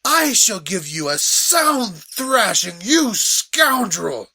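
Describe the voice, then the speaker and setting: A boastful high school fencer who declaims his challenges slowly, acted by a voice performer. His pitch rises and falls dramatically as he scorns his rival in a fan radio play. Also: very animated, creaky, crowd noise, exaggerated voice. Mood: bombastic. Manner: grandiose, theatrical challenges. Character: pompous young male high school fencer.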